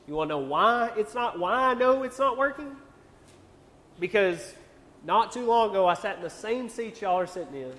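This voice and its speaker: A man's voice: sits high, fairly bright tone. A young man preaching to a youth group in a church, earnest and conversational, firing off rhetorical questions. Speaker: youth pastor. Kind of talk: sermon. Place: church hall. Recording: long church-hall reverb.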